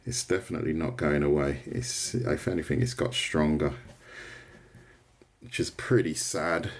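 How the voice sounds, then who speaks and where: A man's voice: rumbling low, fairly even intonation, moderate pace. A man chatting casually on a drawing livestream, rambling and answering viewer comments. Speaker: artist livestreamer.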